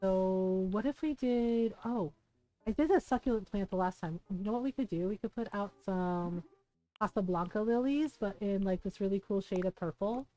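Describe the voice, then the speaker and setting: Woman streamer, mellow and chatty, casual rambling gameplay talk, faint music behind. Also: medium pitch, moderate pace.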